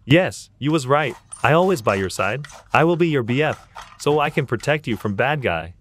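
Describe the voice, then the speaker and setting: A woman doing a very deep-voiced soft young guy. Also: animated, moderate pace, a little hiss or hum. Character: sweet-talking young man, protective boyfriend. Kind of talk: voiced storytime animation.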